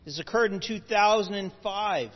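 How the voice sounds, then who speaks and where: Guy with a high voice giving a lecture, stops to fix himself, dull muffled sound. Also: normal speed. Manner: explanatory, with asides and self-corrections. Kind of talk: lecture to a live audience. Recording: dull lo-fi audio with long hall reverb.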